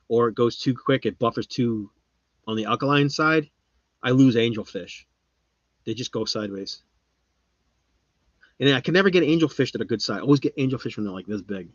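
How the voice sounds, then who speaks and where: A man hosting a live stream, chatting casually with viewers and rambling, his voice often trailing off quietly. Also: mid-range voice, no room sound. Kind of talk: casual chat. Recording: slightly muffled lo-fi sound.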